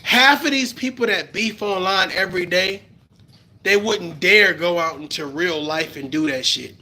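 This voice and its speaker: A middle-aged Bronx man with a New York accent rants profanely on a live stream, lurching between low mutters and loud outbursts. He talks a little slowly.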